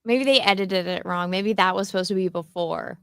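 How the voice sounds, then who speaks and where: A woman with a gravelly, creaky voice speaks in a dry, close recording. She talks matter-of-factly on a casual livestream, offering her own suggestions. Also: medium pitch, fairly quick, no echo.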